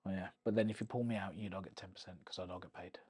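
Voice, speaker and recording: A man's voice: sits low, racing, breathy edge. A man, a former boxer who is a podcast guest, telling stories animatedly with lots of swearing and acted-out quotes. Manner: animated, profane storytelling that acts out quoted voices. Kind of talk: casual podcast interview.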